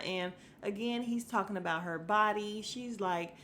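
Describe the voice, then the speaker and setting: A woman's voice: medium pitch, lively intonation, moderate pace, few pauses, bright, forceful tone, a little hiss or hum. A woman hosting a casual podcast, recapping a reality show with candid, sassy commentary and frequent laughs. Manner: candid, sassy, laughs often, quotes people in voices. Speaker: podcast host.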